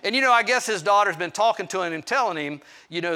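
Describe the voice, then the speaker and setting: A middle-aged man preaching by telling a story on himself, candid and ready to poke fun at his own faults. His voice sits high for a man and comes across bright and forward. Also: sing-song, quick pace, few pauses. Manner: candid, self-deprecating storytelling with asides. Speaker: pastor. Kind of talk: storytelling sermon.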